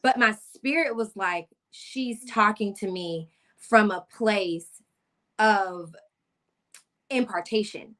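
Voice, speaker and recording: A woman's voice: mid-range voice, slow. A woman health coach telling a personal story casually and acting out the dialogue. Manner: animated, acts out quoted dialogue.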